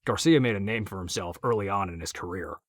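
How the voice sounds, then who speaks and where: A man narrating an audiobook in a steady, matter-of-fact reading. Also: low-pitched, quick pace, no room sound, studio quality.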